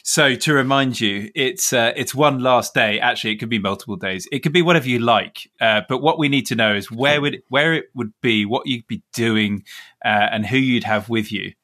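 A man's voice: mid-range voice, moderate pace, bright, forceful tone. A man hosting a podcast, introducing a segment in a friendly, slightly hesitant way. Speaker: podcast host. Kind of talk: casual chat.

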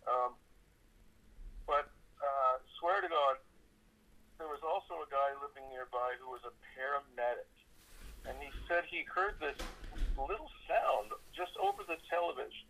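A man's voice: mid-range voice, unhurried, pauses often, pushed and bright, a little hiss or hum, low-quality recording. A man, a musician being interviewed, telling a story in a rambling, casual way with lots of fillers and restarts. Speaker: musician guest.

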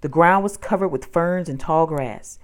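A woman narrating a children's audiobook with an expressive storytelling delivery. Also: deep voice, normal speed.

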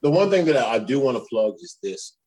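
A man, a comedian guesting on a podcast, deadpan and mock-intense. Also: medium pitch, quick pace, slightly rough. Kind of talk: casual podcast chat.

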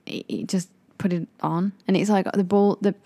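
A woman chatting casually with a friend, quick to laugh and slip into impressions. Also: mid-range voice, fairly even intonation, mellow, no room sound. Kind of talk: casual chat.

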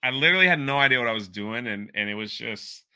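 Bright-voiced young man telling stories. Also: medium pitch, fast talker, smooth. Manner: animated, laughing, many fillers. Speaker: interview guest, YouTuber. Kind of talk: casual storytelling.

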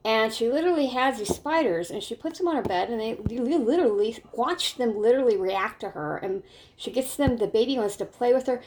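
A woman talking casually to her viewers in a rambling, excitable way, restarting sentences often. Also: on the high side, a little fast, slight background noise. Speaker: vlogger. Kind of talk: casual talk to camera.

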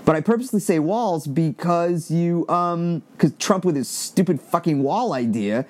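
A middle-aged man from Long Island with a slight Long Island accent, talking in a rambling, animated monologue and swearing freely as a podcast host. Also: on the high side, normal speed. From Long Island, New York. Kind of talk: casual opinion monologue.

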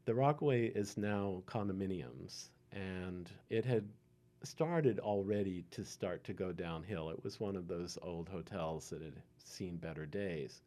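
An older man telling stories from his past in an oral history interview, unhurried with many ums and chuckles. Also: deep voice, warm tone. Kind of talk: reminiscing storytelling.

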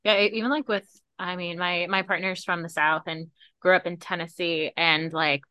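A woman's voice: lowish voice, steady tone, moderate pace, pushed and bright, clean tone, dry recording. A woman from Rhode Island co-hosting a podcast, chatting animatedly with lots of fillers. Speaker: podcast co-host. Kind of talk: casual podcast chat.

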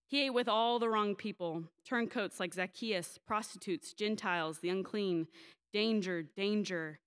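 A woman's voice: mid-range voice, a little slow, smooth. Storytelling woman preaching a sermon. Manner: candid, storytelling, animated when quoting others. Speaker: pastor.

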